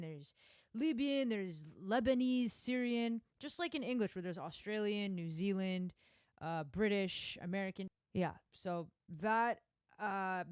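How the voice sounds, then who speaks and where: A young woman streamer giving casual reaction commentary on film clips, animated and emphatic, with frequent asides. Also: mid-range voice, clear, resonant tone, no echo, clean studio sound.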